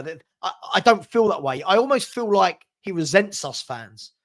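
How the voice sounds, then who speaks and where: Exasperated high-voiced football fan. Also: male voice, animated, moderate pace, vocal fry, hardly any pauses. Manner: frustrated, rambling, repeats words when worked up. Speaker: host of football watchalong. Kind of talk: casual football chat.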